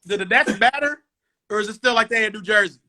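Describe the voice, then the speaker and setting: Bright-voiced man from Cleveland, mid-forties. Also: high-pitched, quick pace. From Cleveland, USA. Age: 40s. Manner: relaxed, rambling, lots of "um" and "you know". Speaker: podcast host. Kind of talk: casual chat. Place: home dining room.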